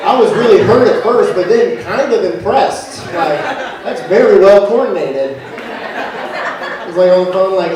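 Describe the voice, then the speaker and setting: High-voiced man doing stand-up. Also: expressive, a little slow, background noise. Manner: loose, profane, self-mocking storytelling. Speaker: stand-up comedian. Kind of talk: stand-up comedy set. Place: comedy venue in front of a live audience. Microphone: handheld microphone. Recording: echoey room taped from far off, with crowd. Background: audience laughter and heckling.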